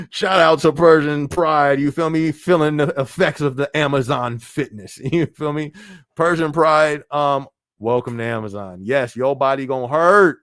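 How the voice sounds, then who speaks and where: Speaking a little slowly in a fairly high voice, this relaxed podcast host runs a casual live chat with no echo in the recording. He laughs frequently and reads out comments from viewers.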